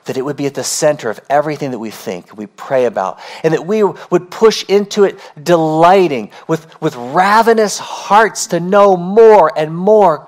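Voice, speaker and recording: A man preaching a sermon as pastor, earnest and emphatic, repeating key phrases and swinging between slow, drawn-out words and quick runs. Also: on the high side.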